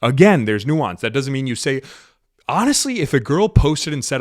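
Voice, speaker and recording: A man's voice: medium pitch, big pitch swings, normal speed, no room sound, studio quality. A man hosting a solo podcast, giving a blunt, profane monologue in a lecturing tone. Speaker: podcast host.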